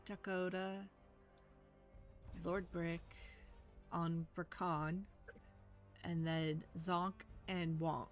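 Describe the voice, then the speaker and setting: A woman's voice: lowish voice, flat delivery, very slow, pauses often, faint music behind. A woman casting a live video game match with a dry, wry humor. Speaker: esports caster.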